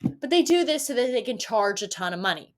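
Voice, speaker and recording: A woman's voice: fairly high pitch, very animated, fairly quick. A young woman vlogger telling a storytime rant in a profane, sarcastic, self-mocking way.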